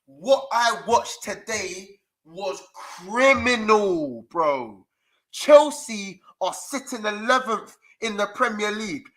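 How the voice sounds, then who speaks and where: A man's voice: sits high, lively intonation, slow, fairly bright tone, poor audio. A young man with a London accent, ranting furiously to camera as a fan-channel presenter, swearing and full of street slang. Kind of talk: angry fan rant to camera. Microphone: camera mic.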